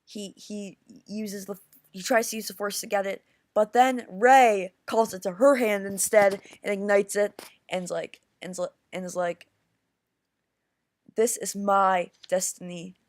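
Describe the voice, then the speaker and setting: A woman giving a casual film review, rambling and excitable, with frequent restarts, calling her viewers "guys". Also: mid-range voice, no room sound. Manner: rambling, halting with many restarts.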